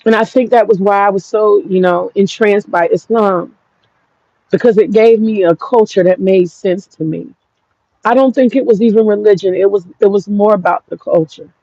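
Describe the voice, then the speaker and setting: A woman's voice: medium pitch, normal speed, dark tone, no echo, dull audio. An American woman with an African American English accent, telling a personal story in a frank, profane, rambling vlog. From United States. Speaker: vlogger.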